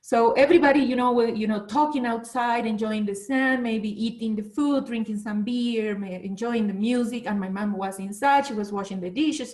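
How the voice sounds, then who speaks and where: A middle-aged woman from Bolivia with a Bolivian Spanish accent, a teacher trainer telling personal stories in a lively way and acting out quotes. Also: a little high, moderate pace, poor audio. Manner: animated, storytelling with acted quotes and repetitions. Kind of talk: storytelling talk at an online meeting.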